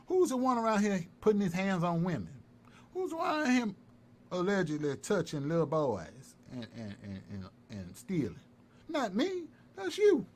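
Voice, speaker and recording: A man from North Carolina, taunting and repeating himself in a heated livestream callout. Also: a little high. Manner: taunting, repetitive, animated. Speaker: live-stream commentator. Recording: faint background noise.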